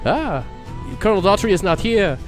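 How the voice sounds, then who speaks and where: A man's voice: high voice, expressive, moderate pace, soft background music, voice pushed up. A man voicing a probing, overly polite male servant in a put-on French accent, formal and hesitant. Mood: prying. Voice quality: fussy formal phrasing with hesitations. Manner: prying, overly courteous.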